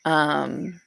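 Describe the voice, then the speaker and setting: Young woman, gravelly and husky, chatty storyteller, porch vlog with birds outside. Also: fairly low pitch. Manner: chatty, storytelling, laughs often. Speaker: vlogger. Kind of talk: casual chat with live viewers. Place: back porch outdoors.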